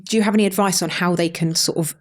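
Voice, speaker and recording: A woman's voice: fairly low pitch, steady tone, quick pace. A woman, a mother, hosting a podcast, speaking in a matter-of-fact, chatty way and telling anecdotes with quoted voices. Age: adult with a young son. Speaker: podcast host. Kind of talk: conversational podcast interview.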